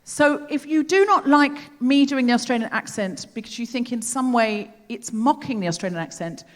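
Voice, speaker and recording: A woman's voice: a little high, expressive, moderate pace. A woman hosting a live comedy podcast on a theatre stage, telling rambling, self-deprecating stories. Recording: long theatre reverb.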